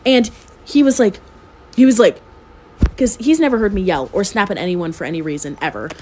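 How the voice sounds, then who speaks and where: A woman's voice: mid-range voice, fairly quick, a little mellow, a little hiss or hum. A very tired young woman at home telling a messy personal story in casual chat, swearing freely and laughing often. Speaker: storytime vlogger. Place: at home with her cat.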